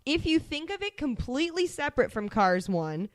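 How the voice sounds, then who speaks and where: A woman's voice: sits high, sing-song, moderate pace, no room sound. A young woman co-hosting a podcast in casual chat, teasing and laughing often. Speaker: podcast co-host.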